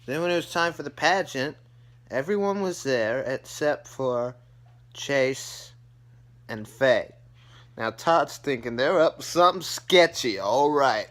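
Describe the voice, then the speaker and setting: A man casually recapping a TV episode as a vlogger, rambling with lots of fillers and restarts. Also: medium pitch.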